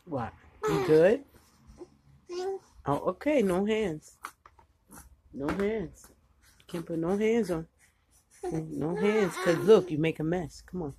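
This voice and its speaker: An older woman talks to her grandson as she feeds him, playful and teasing in a cooing way. Her voice swoops up and down a lot, and she speaks at an unhurried pace. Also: lowish voice, animated, dark tone, a little hiss or hum. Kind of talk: casual talk while feeding a baby.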